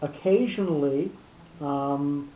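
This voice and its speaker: A teacher giving a lesson on cantillation notes, explaining slowly and often repeating words as he goes. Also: mid-range voice, roomy sound, highs cut off. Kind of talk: lecture on cantillation.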